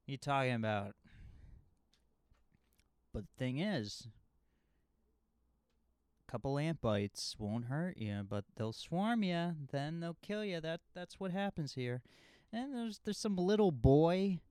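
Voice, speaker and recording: Guy rambling through a movie recap, cracking jokes, slow and smooth, dry sound. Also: a little high, lively intonation, warm tone, no room sound. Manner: rambling and jokey with many fillers. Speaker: movie reviewer.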